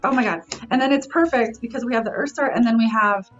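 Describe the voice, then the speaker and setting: A woman's voice: on the high side, quick pace, muffled recording, faint music behind. Enthusiastic woman reading oracle cards. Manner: enthusiastic, giggly, exclaiming. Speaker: co-host, card reader. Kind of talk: oracle card reading chat.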